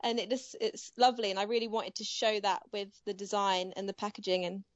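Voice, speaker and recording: A young embroidery artist, interviewed casually, comes across as warm and giggly, with plenty of fillers and restarts. She talks a little fast in a mid-range voice with little pitch movement, over a dull, dry home-mic sound.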